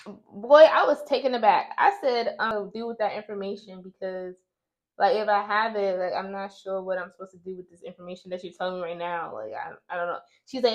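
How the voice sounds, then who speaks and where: A young woman vlogger telling an exasperated, animated story to her viewers while doing her makeup. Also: medium pitch, fairly quick. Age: young adult.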